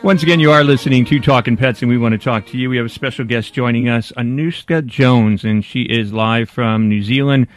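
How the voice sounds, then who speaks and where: A man's voice: mid-range voice, fairly quick, hardly any pauses. A man hosting a pet radio show, chatting casually and laughing easily.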